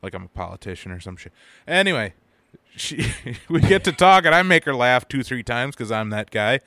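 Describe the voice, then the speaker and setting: Bright-voiced, foul-mouthed Midwestern guy. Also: mid-range voice, lively intonation, moderate pace, no echo. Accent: Upper Midwest American. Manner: crude, rambling storyteller, swears a lot. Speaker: podcast co-host. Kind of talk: casual podcast banter.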